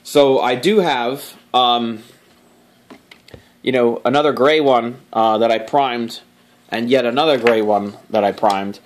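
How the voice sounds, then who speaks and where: A man's voice: mid-range voice, steady tone, takes it slowly. A man hosting a casual toy review, rambling and joking, laughing often and swearing offhandedly.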